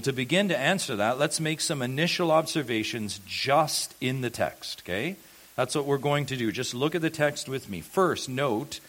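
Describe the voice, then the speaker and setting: A male pastor preaching an expository sermon who asks the congregation rhetorical questions, rising loud on key points and then dropping low and soft.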